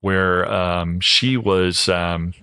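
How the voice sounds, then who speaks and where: Man, low-set voice, forceful and bright, easygoing podcast guest spinning anecdotes with lots of "um" and "you know.". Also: fairly even intonation, extremely slow, clean tone, no room sound, studio quality. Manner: rambling anecdotes full of fillers, acting out quoted voices. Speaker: guest, home cleanout business owner. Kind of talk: casual podcast storytelling.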